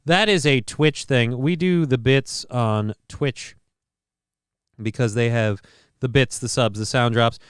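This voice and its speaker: A man's voice: mid-range voice, takes it slowly, clear, resonant tone, no room sound, studio quality. A man hosting his own live-stream show, reading news items aloud and riffing on them in a profane, rambling way. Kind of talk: casual live-stream commentary.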